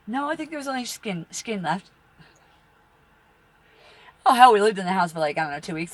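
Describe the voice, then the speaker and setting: Profane rambling woman with lively pitch. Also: a little hiss or hum. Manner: profane, rambling, laughs at her own stories. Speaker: tarot reader and channel host. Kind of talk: rambling personal storytelling.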